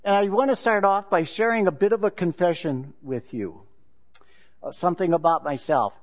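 A man's voice: high voice, normal speed. A man giving a sermon, telling a joke and then a candid, self-deprecating personal confession.

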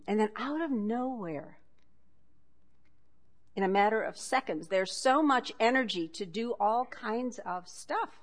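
A woman's voice: mid-range voice, lively intonation, slow pace, long pauses. A woman giving a conversational talk, reading passages from a book and adding wry asides with frequent chuckles.

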